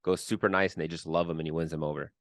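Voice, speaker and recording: A man's voice: rumbling low, fairly even intonation, racing. A man hosting a podcast in casual chat, teasing and quizzing his co-host with amused questions.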